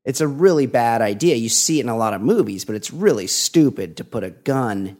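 A man's voice: mid-range voice, expressive, a little mellow. A man co-hosting a podcast, musing aloud in casual chat with many hesitations. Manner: rambling, hesitant, drawn-out musing. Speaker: podcast co-host.

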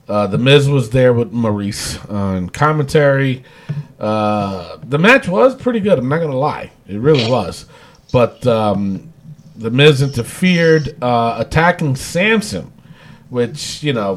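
A man co-hosting a podcast, chatting casually and rambling through a wrestling recap with frequent restarts. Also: mid-range voice. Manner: rambling, restarts, laughs often. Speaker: podcast co-host.

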